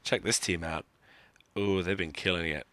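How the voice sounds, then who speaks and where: A man's voice: low-pitched, steady tone, normal speed, pushed and bright, a little hiss or hum. A man giving live commentary on a mobile game he is playing, talking to himself in a wry, joking, self-mocking way. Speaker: gaming streamer.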